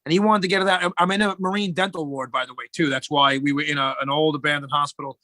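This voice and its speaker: A man's voice: on the high side, steady tone, quick pace, pushed and bright, no echo. A middle-aged man, a guest in casual chat, telling rambling joking stories.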